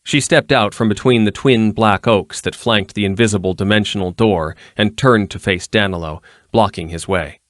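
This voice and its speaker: Lower voiced guy reading a fantasy book, even and steady, dry. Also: normal speed, hardly any pauses, no echo. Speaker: audiobook narrator. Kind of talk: scripted narration.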